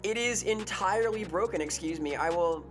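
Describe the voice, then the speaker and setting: Excitable woman streamer with a lowish voice. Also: normal speed, faint music behind. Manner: excitable and chatty, swears casually. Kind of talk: casual live-stream chat.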